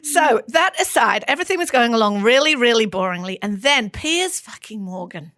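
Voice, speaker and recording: A woman's voice: fairly high pitch, normal speed, dry recording. Opinionated woman host, close and dry. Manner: animated, opinionated storytelling. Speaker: podcast host. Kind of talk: casual chat.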